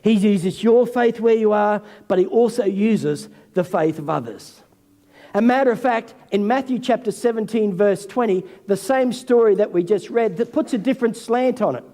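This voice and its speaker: A man, senior pastor, preaching a sermon in an animated way and acting out the voices of figures from scripture. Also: high voice, moderate pace. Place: church hall. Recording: long hall reverb.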